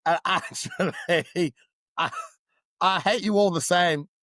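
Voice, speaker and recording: Thirties male podcast guest, husky rasp, playful camp delivery, dry studio sound. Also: slow pace, no room sound. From Birmingham, England. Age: 30s. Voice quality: low husky voice. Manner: animated, camp, teasing. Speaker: guest, drag performer. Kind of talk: casual podcast chat.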